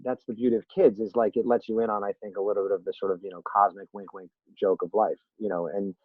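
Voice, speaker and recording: A man's voice: fairly low pitch, level tone, fast, no room sound. A man as a podcast guest in casual interview chat, a rambling, self-deprecating storyteller who acts out quotes. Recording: tinny phone-line sound, dry.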